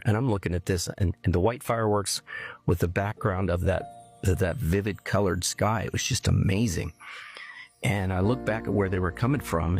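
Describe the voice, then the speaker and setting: A middle-aged man from California telling a personal story earnestly, haltingly, often repeating words as he remembers. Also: deep voice, darkish tone. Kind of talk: personal testimony.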